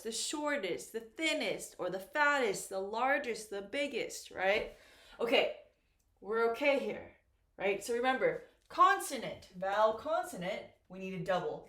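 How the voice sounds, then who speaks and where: Woman English teacher, slow and patient, a bit high-pitched, echoey room. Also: a bit bright. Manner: patient, stresses and repeats key words, checks with "right?". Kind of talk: slow, clear classroom explanation.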